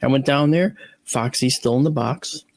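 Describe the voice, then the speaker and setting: Creaky-voiced man telling animated stories. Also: medium pitch, normal speed, no room sound. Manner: animated anecdotes, acting out his own and others' lines; frequent restarts and repeated words. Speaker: guest, astronomer and video analyst. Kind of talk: casual storytelling in an interview.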